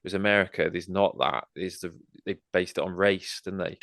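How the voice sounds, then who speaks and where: A man with a lowish voice answers quiz questions on a podcast. He rambles casually and laughs easily, recorded close and dry. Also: brisk, vocal fry, a bit bright, no room sound. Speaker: podcast co-host. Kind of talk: casual chat.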